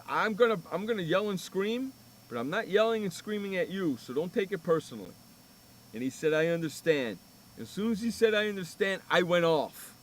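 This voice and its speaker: A man's voice: high voice, a bit bright. A man hosting a sports radio show, telling a profane, ranting story in casual chat.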